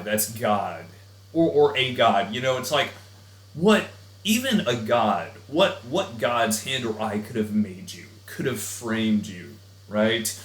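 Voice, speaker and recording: A man's voice: medium pitch, animated, takes it slowly, fairly bright tone, echoey room. A man teaching a recorded lesson in a chatty, enthusiastic way with many fillers. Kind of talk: recorded class lecture.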